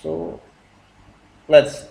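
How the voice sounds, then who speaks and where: A man with an Indonesian accent hosts a casual reaction video in halting non-native English, often restarting his sentences. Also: darkish tone. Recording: roomy echo.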